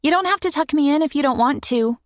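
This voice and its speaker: A woman narrating an audiobook, voicing an eager, earnest young girl in a bright, quick manner. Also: sits high, lively intonation, no echo, clean studio sound, voice pushed up. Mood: shy. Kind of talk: audiobook character voice.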